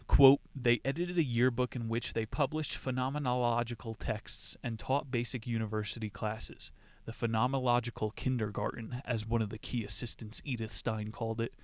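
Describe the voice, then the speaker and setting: A podcast host riffs casually on a philosophy book, mocking it and reading quotes aloud. His mid-range voice has fairly even intonation at a normal speed, recorded dry, and his delivery is irreverent and rambling.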